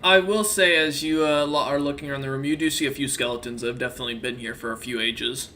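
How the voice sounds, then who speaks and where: A man running a tabletop game, describing the scene in loose, meandering sentences full of restarts. His voice is bright and forward, with a faint hiss of noise underneath. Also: mid-range voice, steady tone, quick pace. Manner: rambling, with many fillers and restarts. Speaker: game master.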